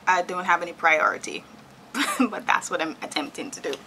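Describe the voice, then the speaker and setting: A woman in her thirties from Jamaica chats openly about her plans, often breaking into laughter. Her voice sits a little low, with a gravelly, fry-heavy texture and a bright, forceful edge. A faint hum of ambient noise runs under the home recording. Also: moderate pace, poor audio. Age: 30s. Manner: chatty and candid, laughs often. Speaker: vlogger. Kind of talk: casual chat while decorating.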